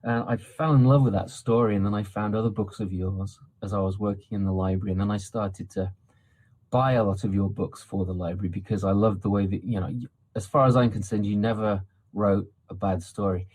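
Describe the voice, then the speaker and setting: Husky podcast host guy, eager, stumbles and restarts a lot. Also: lowish voice, steady tone, darkish tone. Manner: eager, halting, with many fillers and restarts. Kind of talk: podcast interview.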